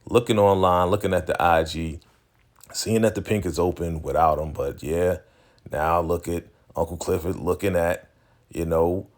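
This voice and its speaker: A man with a very low, deep voice talks through a TV episode recap in a loose, casual way. He tells it as an animated story and keeps checking in with fillers like "right?" and "you know.". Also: moderate pace. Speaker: recap show host.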